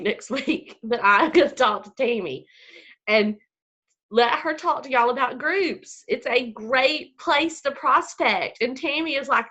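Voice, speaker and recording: A woman's voice: high voice, pushed and bright, breathy edge. A woman, casually hosting a live video call for her team, chatty and laughing easily. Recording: dull lo-fi.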